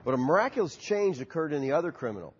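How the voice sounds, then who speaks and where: Speaking very fast with a breathy edge, a pastor delivers a lively sermon full of sharp rises and falls, putting questions to his listeners. The recording is muffled, with a long reverb from the hall.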